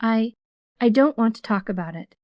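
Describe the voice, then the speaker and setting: A woman's voice: a little high, animated, moderate pace, dry recording, natural voice. A woman voicing a proud, grieving older aunt who speaks coldly and sharply, in a storybook reading. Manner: cold, sharp, clipped.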